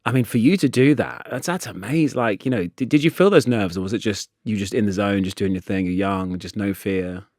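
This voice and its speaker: A man's voice: lowish voice, fairly quick, few pauses, darkish tone, no room sound, clean studio sound. A man hosting a podcast, chatting casually and breaking in with brief asides and questions for his guest. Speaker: podcast host. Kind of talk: casual interview chat.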